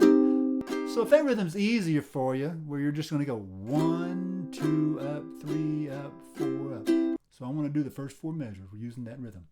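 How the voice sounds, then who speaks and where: A man teaching a song on ukulele in a relaxed, repetitive way, counting beats aloud and explaining the rhythm. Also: a little high, loud music behind the voice. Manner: sings lyrics slowly while playing. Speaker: music teacher. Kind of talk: instrument lesson. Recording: ukulele playing under the voice.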